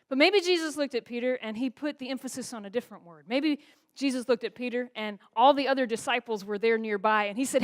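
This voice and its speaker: A woman's voice: a little high, lively intonation, brisk. A woman pastor preaching a sermon in a church, asking the congregation rhetorical questions. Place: church sanctuary.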